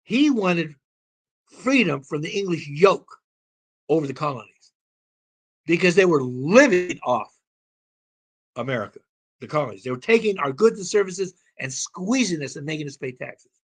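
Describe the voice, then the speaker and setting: A man's voice: fairly high pitch, animated, moderate pace, pauses often. A man talking as a call-in show guest, explaining at length in an emphatic, rambling way and swearing now and then. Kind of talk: casual explanatory talk.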